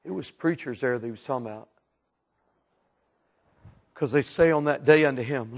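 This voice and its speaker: A man's voice: mid-range voice, moderate pace, pauses often. Preacher man, muffled recording. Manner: swings between hushed asides and loud shouted peaks. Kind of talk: fiery sermon.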